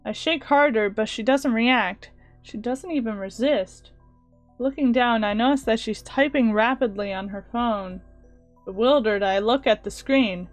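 A woman reading a visual novel aloud, narrating and reacting with animated asides. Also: fairly high pitch, unhurried, soft background music. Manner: animated reactions and filler sounds. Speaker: let's play host.

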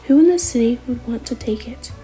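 A woman whispering as a tired, wry heroine who questions and teases in a soft, mellow voice, in a whispered role-play story with faint music behind. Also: fairly high pitch, brisk, close to an everyday voice, rough recording. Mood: pressing. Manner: dry, wry. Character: weary, dry-witted female adventurer.

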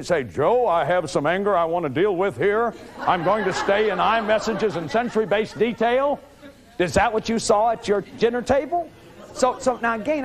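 A man in his fifties giving a lively lecture, acting out little scenes and restarting sentences with repeated words. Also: high-pitched. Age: 50s. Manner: animated, acts out little scenes with sudden shouts and growls. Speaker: lecturer on family therapy.

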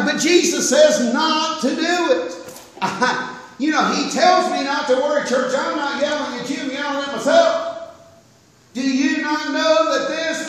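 An older male preacher with a very high voice, talking in a folksy, self-mocking way that swings between loud and hushed. He sounds far off in a church with a long, echoey reverb. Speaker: pastor. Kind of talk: sermon. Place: church sanctuary.

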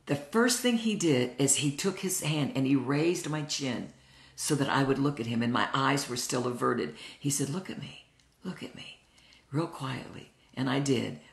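A woman's voice: rumbling low, normal speed, vocal fry. Older lady leading a bible study, earnest and heartfelt, roomy echoey sound. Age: 60s. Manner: earnest, heartfelt personal storytelling. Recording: roomy echo.

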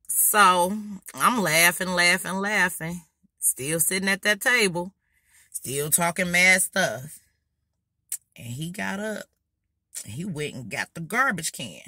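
A young woman beauty vlogger telling a story while doing her makeup, animated and loud, acting out what people said. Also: fairly low pitch, slow pace, long pauses, dry recording, studio quality. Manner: animated, loud, acting out quotes in Southern US slang.

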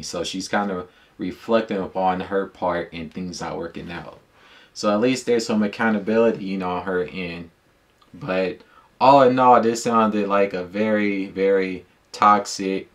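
A man's voice: low voice, fairly bright tone. A man giving casual reaction commentary on a song as a music YouTuber, laid-back and slangy, thinking aloud with fillers into a dedicated microphone.

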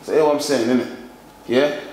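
A man playing a commanding gang leader, brisk and even in mid pitch. His steady orders echo around a reverberant room. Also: slight background noise, natural voice. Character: calm, controlling young gang boss. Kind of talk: indie street film acting.

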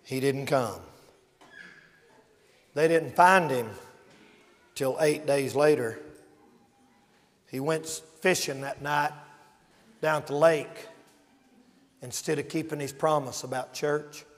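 A man preaching a revival sermon, swinging between shouted warnings and hushed storytelling. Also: a little high, fairly even intonation, slow, pauses often, in a large hall.

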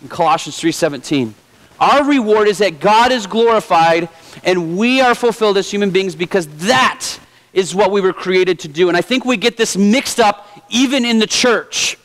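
A man's voice: high voice, animated, moderate pace, a bit bright, rough recording. A male pastor preaching a sermon in a conversational way with light humor. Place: church.

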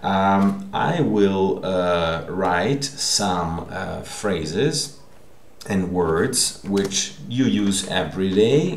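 A man's deep, creaky voice comes through with a little hiss or hum in an echoey room. Teaching a recorded online language lesson, he explains every point patiently and keeps checking in by asking "okay?"

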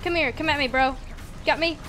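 Goofy high-voiced woman gaming. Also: brisk. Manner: goofy, playful, shouts spell names. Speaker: gaming streamer. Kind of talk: casual gameplay commentary.

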